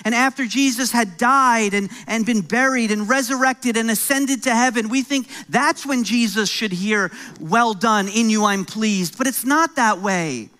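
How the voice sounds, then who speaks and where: A man's voice: very high voice, normal speed, hardly any pauses, pushed and bright. A middle-aged man from New York with an American accent, preaching a sermon as pastor in a conversational, joking way with rising emphasis.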